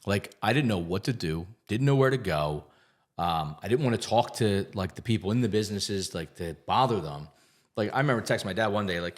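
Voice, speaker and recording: A low-pitched man speaks as a guest on a podcast. His delivery is loose and conversational, full of filler words and casual cursing as he tells personal stories. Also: brisk. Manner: candid storytelling, many "like" fillers, casual swearing.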